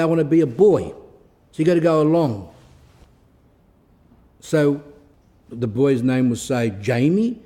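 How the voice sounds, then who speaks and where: A man giving a blunt, moralizing Orthodox Christian talk, slowing down to read passages aloud. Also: fairly high pitch, mellow. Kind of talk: recorded moral talk, reading and commenting on a text.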